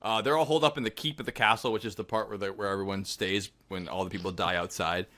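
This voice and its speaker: A young man co-hosting a podcast, telling a war story in a casual, animated way with plenty of swearing. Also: lowish voice, quick pace. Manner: animated, profane storytelling with shouted put-on quotes. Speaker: podcast co-host.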